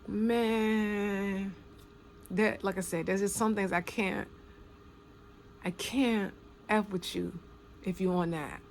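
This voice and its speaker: A woman giving casual spoken commentary, talking emphatically with slang, repeating phrases for stress and sometimes dropping to a hushed near-whisper. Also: mid-range voice, steady tone, slow pace, pauses often, a little hiss or hum.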